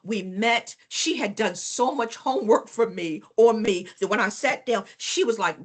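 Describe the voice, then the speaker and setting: A woman runs a business workshop in a voice of middling pitch. She tells stories to the class with animated emphasis and turns to the group to check they are following. She repeats key phrases to hammer them home. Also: moderate pace, hardly any pauses. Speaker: workshop trainer. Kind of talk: live business workshop talk.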